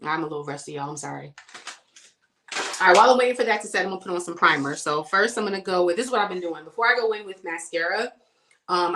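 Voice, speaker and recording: A woman's voice: on the low side, fairly bright tone. A woman hosting a casual makeup livestream, chatting with viewers and calling them y'all and girl as she works. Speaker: beauty livestream host. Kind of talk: casual chat while doing makeup. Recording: echoey room sound.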